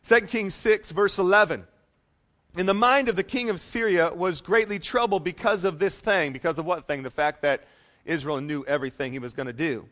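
A man's voice: high voice, brisk, fairly bright tone. A male pastor preaching a sermon, reading scripture emphatically and adding casual, joking asides.

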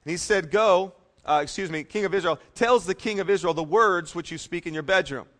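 A man's voice: high voice, a little fast, fairly bright tone. A male pastor preaching a sermon, reading scripture emphatically and adding casual, joking asides.

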